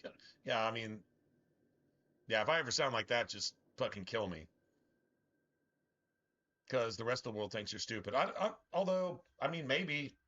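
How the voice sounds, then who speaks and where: A man's voice: medium pitch, sharp tone, highs cut off. A middle-aged man chatting casually on a live game stream, rambling and profane, with strong opinions. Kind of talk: casual live-stream chat while gaming.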